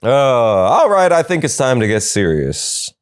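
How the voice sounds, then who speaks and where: Sarcastic comedy podcast host, lively pitch. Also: male voice, unhurried. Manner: sarcastic, quips between news items. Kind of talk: comedic news reading.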